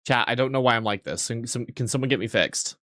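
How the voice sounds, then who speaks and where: A man's voice: mid-range voice, fast talker, bright, forceful tone, no echo, clean studio sound. A man streaming a video game, rambling in casual commentary, swearing freely and poking fun at himself.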